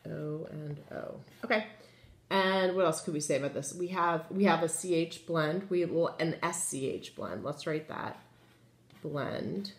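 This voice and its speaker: A deep-voiced woman, speaking a little slowly, guides children through phonics, asking questions as she writes on the board. She is patient and encouraging, and the room echoes.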